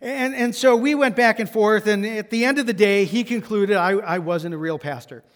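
High-voiced pastor preaching in a hall. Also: male voice, normal speed. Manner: conversational, self-deprecating storytelling. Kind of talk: sermon.

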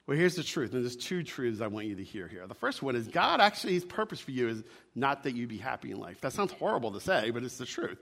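A man's voice: medium pitch, sing-song, fast talker, vocal fry, a bit bright, big-room sound. A man preaching a sermon, emphatic, repeating his key lines and checking in with "right?". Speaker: pastor.

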